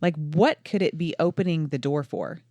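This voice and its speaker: A woman's voice: deep voice, normal speed, dark tone, no echo. A woman co-hosting a casual faith podcast, talking things through in a reflective, wry way. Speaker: podcast co-host.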